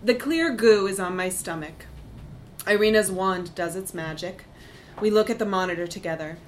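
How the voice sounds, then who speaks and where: A woman narrating a first-person literary story in a measured, reflective way. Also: mid-range voice, a little hiss or hum, low-quality recording.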